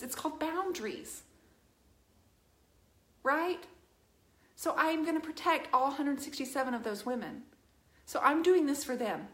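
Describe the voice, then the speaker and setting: A woman's voice: sits high, expressive, normal speed, a bit bright. A woman hosting a live painting stream, talking earnestly and emphatically straight to her viewers. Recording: roomy echo.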